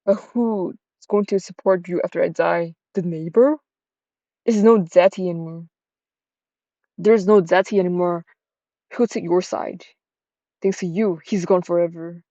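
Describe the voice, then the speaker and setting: A stern, bitter widowed mother who scolds harshly, as a woman reads her part. Her voice is low and warm-toned, on a dry, dull recording. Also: steady tone, measured pace, pauses often, no echo. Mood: scolding.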